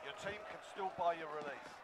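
A man's voice: a little high, fairly quick, heavy background noise, close to an everyday voice. An actor playing a terse male military announcer in a game, giving clipped radio-style orders. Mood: commanding.

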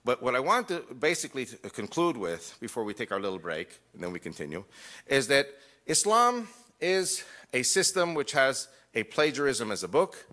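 A man's voice: mid-range voice, very animated, moderate pace, pushed and bright. A man giving an emphatic lecture to a live audience, mixing wry jokes into his points.

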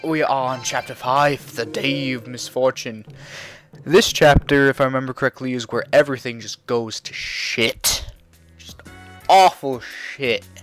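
A man's voice: mid-range voice, fairly even intonation, moderate pace, fairly bright tone, soft background music. Casual cursing gameplay commentator, man. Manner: profane, rambling, reads game dialogue aloud. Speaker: let's play commentator.

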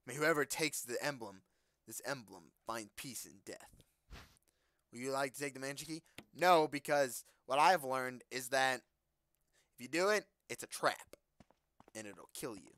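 A man giving casual, joking commentary while playing a video game. He talks back to the characters on screen, breaks into loud outbursts, and mutters the on-screen text in a low voice. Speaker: let's play gamer.

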